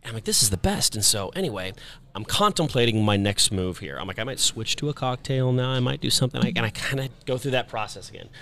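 A man from Kansas City, a radio host, telling an animated story in casual chat and acting out his own reactions. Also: medium pitch, fast talker.

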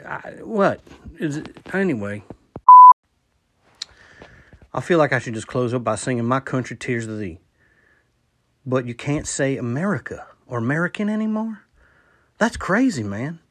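A man's voice: mid-range voice, sing-song, moderate pace. A man rambling through a comic voice message to a podcast host, stammering, repeating himself and contradicting his own jokes. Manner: absurd self-contradicting asides. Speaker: listener sending a voice message to a podcast. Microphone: phone voice recorder.

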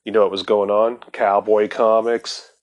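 A man hosting a casual podcast, telling comics history in a loose, profane, excitable way that is often broken by laughter. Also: on the low side, moderate pace. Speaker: podcast host.

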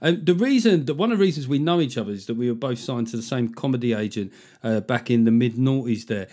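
Man, podcast host, mid-pitched voice, chatty, jokey, rambling questions. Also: expressive, quick pace, a little mellow. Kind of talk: casual podcast interview.

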